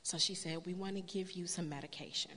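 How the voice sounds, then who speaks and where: A woman telling her personal story to a church congregation in an earnest storytelling way, building to a loud, emphatic appeal. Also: fairly low pitch, steady tone, brisk, a little hiss or hum. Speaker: church speaker sharing testimony. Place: church sanctuary. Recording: long hall reverb.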